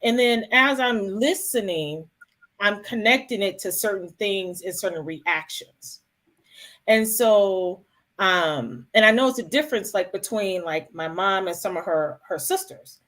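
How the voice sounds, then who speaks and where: A middle-aged woman in a casual conversation, speaking calmly and earnestly about her life, with frequent restarts. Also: mid-range voice, measured pace. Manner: reflective, calm and earnest, with many restarts.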